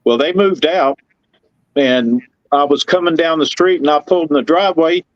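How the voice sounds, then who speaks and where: Middle-aged man, folksy rambling storyteller, fairly high voice, dull dry recording. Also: moderate pace, dry recording. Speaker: guest telling paranormal stories. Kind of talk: casual storytelling chat.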